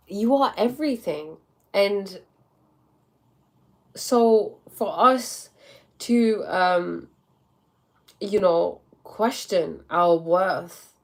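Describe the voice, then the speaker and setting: Young woman, stuffy nose, loose and chatty livestream host, middle-pitched voice. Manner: chatty, many likes and quick acted-out quotes. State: blocked nose. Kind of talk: casual livestream chat.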